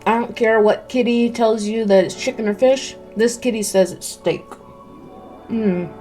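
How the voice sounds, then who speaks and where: A woman's voice: a little high, steady tone, a little slow, warm tone. A woman streamer in casual chat, eating as she talks, chewing between words and speaking candidly into a close mic. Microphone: close desk mic. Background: faint music.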